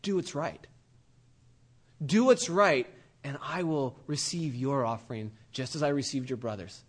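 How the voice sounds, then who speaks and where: A man voicing God as a patient, fatherly deity who pleads calmly and earnestly. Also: mid-range voice, a little slow, pitched below the performer's own voice.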